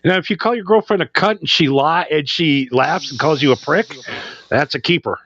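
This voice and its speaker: A young man co-hosting a podcast in casual chat, joking loudly and laughing a lot. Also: fairly high pitch, a little fast, dull audio. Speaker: podcast co-host.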